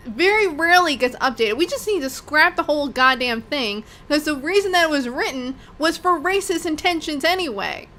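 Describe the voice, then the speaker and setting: A woman's voice: high-pitched, bright, forceful tone. A woman hosting a casual political chat, blunt and profane.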